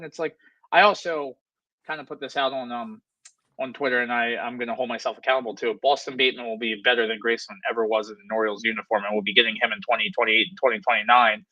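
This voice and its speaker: Brisk male podcast host in casual sports talk, quick and chatty, muffled lo-fi sound with no room echo. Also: mid-range voice. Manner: fast, animated, chatty. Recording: dull, lo-fi, dry sound.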